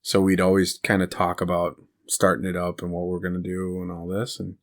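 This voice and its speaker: Male podcast co-host, very low voice, rambling casual storyteller who laughs at his own bits. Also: completely flat delivery, brisk. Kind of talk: casual chat.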